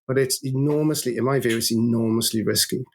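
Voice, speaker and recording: A man, an agency co-founder, talking as a guest in a business interview with an animated, storytelling manner and frequent restarts. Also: medium pitch, a little fast, a little hiss or hum.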